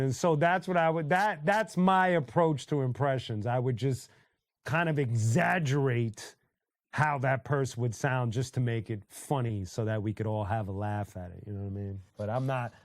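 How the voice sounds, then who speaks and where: A man's voice: medium pitch, dry recording, clean studio sound. Laid-back man hosting a music stream. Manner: laid-back, loose, full of fillers and restarts, greets chatters by name. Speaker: livestream host reading chat. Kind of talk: casual chat.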